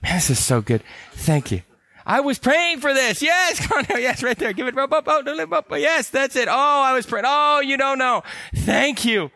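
A man putting on the voice of a gushing, overly grateful man who has just been caught in wrongdoing, talking high and effusively. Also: big pitch swings, normal speed, sharp tone, dry recording, full character voice. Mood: gushing relief.

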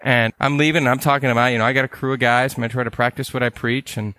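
A man's voice: medium pitch, steady tone, racing, pushed and bright, no echo. A middle-aged man from California, a counselor giving a teaching talk in a casual way and telling personal stories. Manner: casual, acts out quoted voices in stories.

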